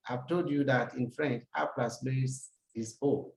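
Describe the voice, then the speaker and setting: A language teacher walks through a lesson, saying each example sentence, then translating it and repeating it. Now and then they turn to the learner with a rhetorical question. The voice sits at an ordinary pitch and rings in a roomy space. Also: steady tone, a little slow, few pauses, a little mellow. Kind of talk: recorded lesson. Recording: roomy echo.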